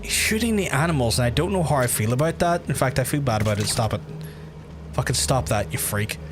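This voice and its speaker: A man talking over his gameplay stream in a rambling, sweary way, tossing chatty asides to his viewers. His mic sits close to his mouth, and steady noise runs under the audio. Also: medium pitch, fairly quick. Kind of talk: casual gameplay livestream commentary.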